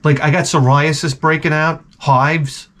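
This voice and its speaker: A man's voice: on the high side, little pitch movement, measured pace, a bit bright. A middle-aged man hosting his own show, telling a profane, rambling, self-mocking story full of stammered restarts. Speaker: show host. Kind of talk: casual comedic rant.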